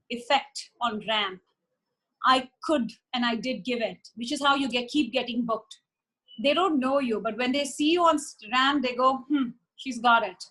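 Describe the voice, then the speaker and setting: A woman's voice: high voice, rough recording. Chatty woman telling a story. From India. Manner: chatty, animated retelling with quoted voices. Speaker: interview guest, former model. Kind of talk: casual storytelling.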